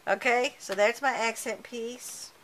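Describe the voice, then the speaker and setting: A woman's voice: on the high side, fairly even intonation, unhurried, a bit bright, low-quality recording. Chatty woman crafting while she talks. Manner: chatty, self-correcting while working with her hands. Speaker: card-making tutorial host. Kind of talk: casual craft tutorial narration.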